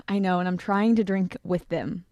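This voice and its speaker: A woman co-hosting a radio show, telling stories in a giggly, animated casual way. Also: medium pitch, unhurried, no echo, studio quality. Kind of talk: casual chat.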